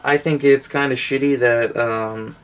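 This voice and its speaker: A man co-hosting a casual chat, making quick wisecracks while going over movies. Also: medium pitch, steady tone, clear, resonant tone. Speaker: co-host.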